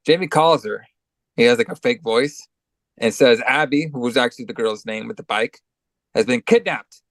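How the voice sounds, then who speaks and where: A man's voice: medium pitch, normal speed, fairly bright tone, no room sound. A man with a cold co-hosting a podcast, giving a loose, profane, filler-heavy recap of a movie. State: has a cold. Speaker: podcast co-host.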